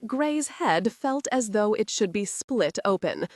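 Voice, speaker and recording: A woman's voice: a little slow, no room sound, studio quality. A woman reading a historical romance audiobook aloud as narrator, telling the story with expression. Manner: expressive storytelling with lively pitch.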